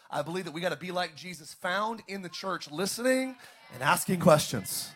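Pastor, male, somewhat high voice, preaching with call-and-response to his congregation. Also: expressive, normal speed, a bit bright, husky, faint music behind. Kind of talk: sermon. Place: church service, streamed online.

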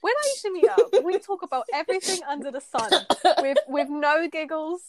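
A woman's voice: high voice, animated, moderate pace, a crowd in the background. A woman co-host chatting casually, playful and teasing, rambling a bit. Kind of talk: casual chat.

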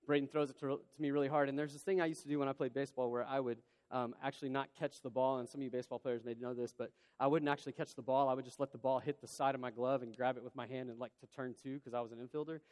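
A man preaching a sermon in a large church hall, telling a personal story in an animated, conversational way. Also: mid-range voice, very fast, few pauses. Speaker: pastor. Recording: long hall reverb.

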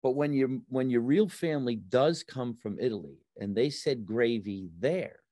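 A male comedian with a New Jersey accent, telling animated, jokey stories and acting out the dialogue in casual chat. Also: medium pitch, moderate pace, no room sound, clean studio sound. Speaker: comedian guest.

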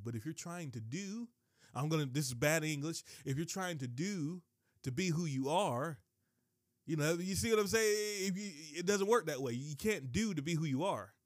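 A man preaching on his podcast, animated, digressing and breaking into high excited exclamations. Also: dry recording, clean studio sound. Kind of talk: sermon.

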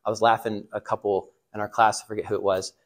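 A man's voice: fairly low pitch, little pitch movement, fast talker. A middle-aged man giving a casual sermon on marriage to a class, chatty, laughing at his own stories and asking the room questions. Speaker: pastor or class teacher.

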